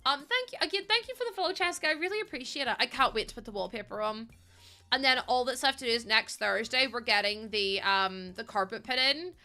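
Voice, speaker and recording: A woman's voice: fairly high pitch, brisk, bright, forceful tone. A British woman livestreaming, chatting casually with her viewers, laughing often and swearing freely. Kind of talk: casual stream chat.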